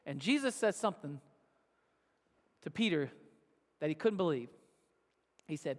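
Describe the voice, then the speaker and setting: This pastor's voice sits a little high and is expressive, moving a little slowly with long pauses. Telling a sermon story casually, he often checks in with "right?", and the church auditorium wraps everything in long reverb.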